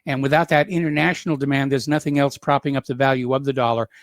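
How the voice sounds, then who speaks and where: A man hosting a call-in talk radio show, speaking in a measured, casual way with some hesitant fillers. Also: medium pitch, fairly even intonation, no room sound, studio quality.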